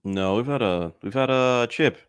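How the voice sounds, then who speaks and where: A young man co-hosting a podcast in casual chat, with dry, deadpan remarks. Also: medium pitch, moderate pace, smooth, no echo. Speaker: podcast co-host.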